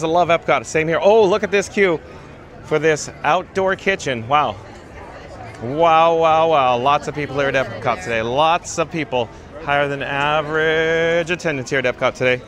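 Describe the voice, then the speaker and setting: A man with a slightly high, fairly bright voice hosts a live-streamed walking tour outdoors in a theme park. He chats and reads viewer comments aloud, recorded on a handheld mic as he walks.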